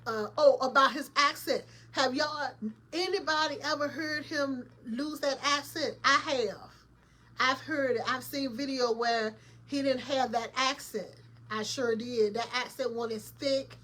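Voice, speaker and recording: Chatty, opinionated woman host, slightly high. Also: a little slow, fairly bright tone. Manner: chatty, opinionated, laughs often, addresses viewers directly; colloquial, emphatic. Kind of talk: casual commentary vlog.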